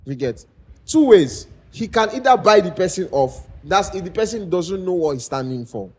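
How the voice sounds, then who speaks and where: Nigerian male podcast co-host, lively up-and-down delivery, husky edge. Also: high voice, normal speed. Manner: animated, laughs while telling stories. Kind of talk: casual chat.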